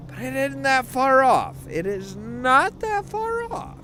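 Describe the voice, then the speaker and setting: A man's voice: very high voice, big pitch swings, slow, sharp tone, soft background music. A man commentating a video game, rambling and swearing as he jokes about the story. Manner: rambling, profane, joking. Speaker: let's play commentator. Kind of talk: gaming commentary.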